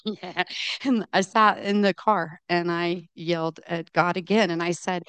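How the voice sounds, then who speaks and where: A middle-aged woman giving candid personal testimony at a recovery meeting, halting and restarting as she quotes her own self-talk. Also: on the low side, fairly even intonation, fairly bright tone, clear, resonant tone, no echo. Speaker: recovery program member sharing her story.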